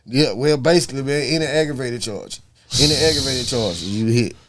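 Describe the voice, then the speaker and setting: A man's voice: medium pitch, brisk, background noise. A middle-aged man, a podcast guest in casual chat, slangy and repeating his phrases, tagging "man" onto his lines.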